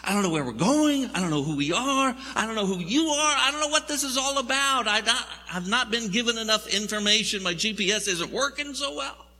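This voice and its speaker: Preacher doing Moses, high, bright and fretful, whining at God, long hall echo. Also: male voice, expressive, fairly quick, hardly any pauses, heavily acted. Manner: whiny, exasperated. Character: anxious complaining Moses, lost leader, man.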